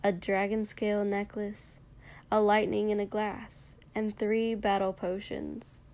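A woman narrating a fan fiction story aloud in an even, unhurried storytelling voice. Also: mid-range voice.

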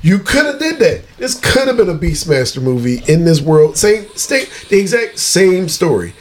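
A man's voice: sits high, moderate pace, a crowd in the background. A man co-hosting a podcast, talking casually and animatedly about movies. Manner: animated, explains at length, laughs often. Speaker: podcast co-host. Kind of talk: casual chat.

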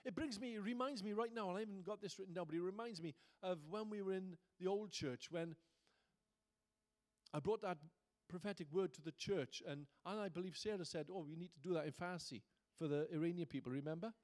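A man with a notably high voice delivers a sermon from the pulpit. He talks to the congregation in a conversational way, then builds into fervent, emphatic preaching. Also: brisk, a little mellow. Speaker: pastor.

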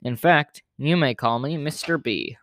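A man's voice: medium pitch, a little slow, a bit bright, no room sound, lightly acted. Guy doing a polite little frog principal, formal and earnest, dry close sound. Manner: courteous, formal storybook speech.

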